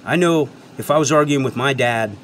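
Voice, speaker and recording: The voice is a man's, medium in pitch and moderately paced, with a little hiss or hum. He hosts and reviews products on his own channel, and here he lectures viewers in an unscripted rant, emphatic and repetitive, swearing freely.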